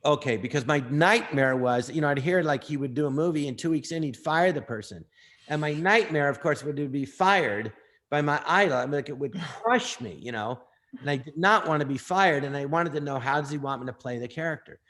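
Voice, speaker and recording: A man's voice: on the high side, fairly quick, a bit bright. An older man from Los Angeles, a guest telling long stories in an interview, rambling on tangents. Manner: rambling, puts on voices while retelling stories. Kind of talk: storytelling interview.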